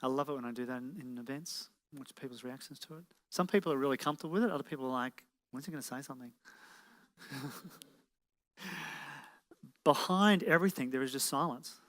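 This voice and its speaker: A man's voice: mid-range voice, fast, a bit bright. A man giving a live motivational presentation, peppering the audience with rhetorical questions. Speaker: motivational speaker. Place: event hall with an audience. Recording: reverberant hall.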